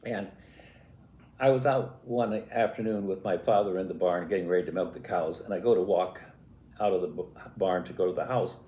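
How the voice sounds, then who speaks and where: A man in his eighties telling stories from his life in a halting, reflective and emotional way. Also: low voice, dark tone. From US Midwest. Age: 80s. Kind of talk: personal storytelling. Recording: echoey room.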